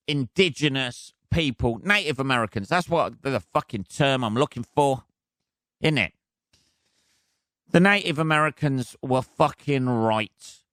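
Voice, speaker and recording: Male podcaster, mid-pitched, rambling sweary monologue, dead-dry sound. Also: pushed and bright, dry recording. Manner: profane, rambling, sardonic. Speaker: podcast host. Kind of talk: solo comedic rant.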